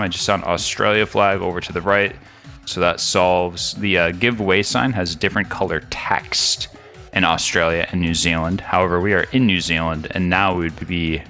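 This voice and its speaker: Low-voiced man rambling over a game. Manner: rambling, jokey, thinks out loud. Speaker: gaming video host. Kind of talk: casual game commentary.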